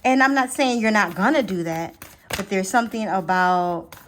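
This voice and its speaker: A woman giving a casual, unedited tarot reading to camera. She chats directly to her viewers, often checks in with "okay?", and her pitch and loudness swing widely as she talks. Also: normal speed, a little hiss or hum. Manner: chatty, animated, addresses viewers directly with frequent "okay?". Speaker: tarot reader.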